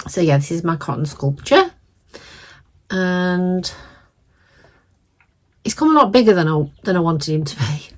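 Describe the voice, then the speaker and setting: Woman with a croaky cold voice, a bit low, rambly and self-deprecating, chatting at home while she sews. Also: a little mellow. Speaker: crafting channel host. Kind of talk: casual chat while crafting.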